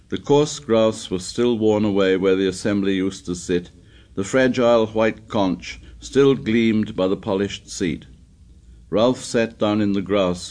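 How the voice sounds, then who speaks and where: A man narrating an audiobook in a measured, steady reading voice. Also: on the low side. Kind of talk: scripted narration.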